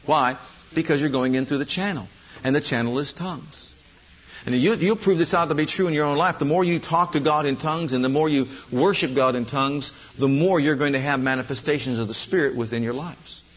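A man's voice: fairly high pitch, fairly quick, breathy edge. A male pastor preaching a sermon, emphatic and repeating his points. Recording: dull lo-fi recording.

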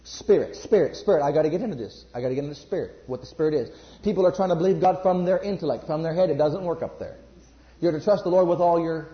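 A man preaching a sermon, emphatic, jumping between loud bursts and quiet asides. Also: on the high side. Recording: echoey room, dull lo-fi sound.

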